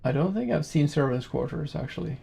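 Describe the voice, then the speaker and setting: A male streamer chats with his viewers while he plays, his talk rambling and full of small self-corrections. His voice sits a bit high for a man, with a gravelly, fry-edged texture and a warm, mellow tone. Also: expressive, a little fast. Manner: rambling and chatty, self-correcting, laughs easily. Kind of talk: casual game-stream commentary, chatting with viewers.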